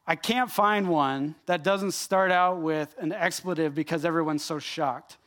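A man preaching a sermon, animated and emphatic, speaking directly to his congregation. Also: a little high, unhurried. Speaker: pastor.

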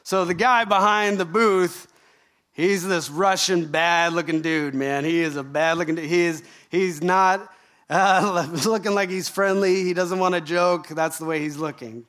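A middle-aged man from Canada, a pastor giving a sermon, telling a story with lively rhetorical questions. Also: high-pitched, unhurried.

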